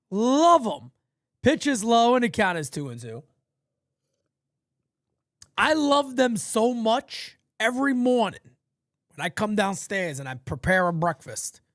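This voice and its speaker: Man doing loose fan play-by-play, animated and swinging in pitch, dry close sound. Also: a little slow, no room sound. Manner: rambling, swearing, easygoing banter between pitches. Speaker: play-by-play host of a fan channel. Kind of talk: casual live play-by-play with chat.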